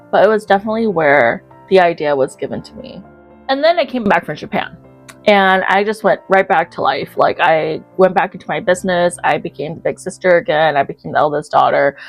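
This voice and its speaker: A woman narrating her own life story as an author, acting out her past reactions with lively quoted lines. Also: on the low side, vocal fry.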